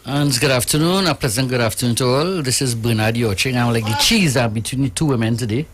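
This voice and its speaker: A man's voice: medium pitch, quick pace, fairly bright tone, slight background noise. Earnest man, guest author. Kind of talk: radio interview. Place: radio studio.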